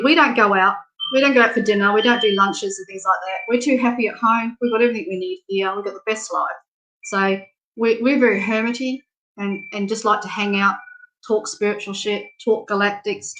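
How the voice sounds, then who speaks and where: A woman's voice: mid-range voice, fairly bright tone. Chatty Australian woman on a live stream. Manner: chatty, frank and affectionate, laughs often. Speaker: spiritual reader on a live stream. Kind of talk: casual live-stream chat.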